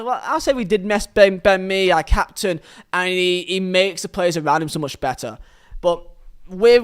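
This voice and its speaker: A man's voice: fairly high pitch, clean tone. A man hosting a solo football podcast, giving an opinionated review in a rambling way, often restarting his phrases. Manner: earnest, opinionated fan.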